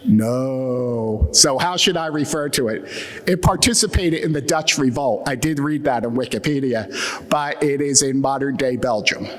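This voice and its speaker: Speaking in a mid-range, slightly bright voice, a man from the United States gives a conference keynote with wry humor and plenty of fillers. His accent is Atlantic Midland American, and the big hall adds a long reverb.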